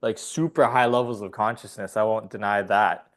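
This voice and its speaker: A man's voice: fairly low pitch, steady tone, moderate pace, a bit bright. A man telling a story as a podcast guest, rambling casually, laughing often and swearing freely.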